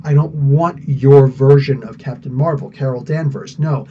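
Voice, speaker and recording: A man's voice: mid-range voice, steady tone, moderate pace, far from the mic, dull audio, a little hiss or hum. A man hosting a live podcast, chatting loosely, laughing often and using many fillers. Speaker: podcast host answering live chat. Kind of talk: casual live-stream chat.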